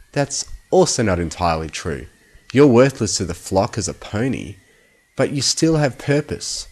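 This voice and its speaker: A man's voice: fairly low pitch, a little mellow. A man voicing a cold, gloating male pony official giving a contemptuous speech. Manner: measured, contemptuous address.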